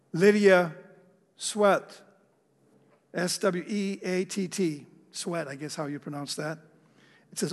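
High-voiced preacher in an echoing hall. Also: male voice. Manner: conversational preaching, frequent "okay?" check-ins. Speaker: pastor. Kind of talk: sermon. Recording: long hall reverb.

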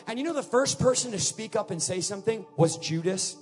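A man with a very high voice preaches a revival sermon, jumping from fervent shouting to hushed, chatty asides. His voice rings through a large hall with a long reverb tail, and soft music plays underneath. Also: quick pace, few pauses. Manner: swings from shouting to quiet conversational asides. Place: church service.

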